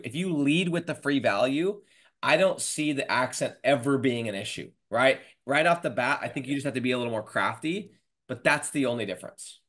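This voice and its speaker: A man in his thirties hosting a podcast over a video call, talking fast and casually with lots of "dude" and "bro". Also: medium pitch. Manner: energetic, slangy, says dude and bro. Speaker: podcast host. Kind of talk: casual interview chat.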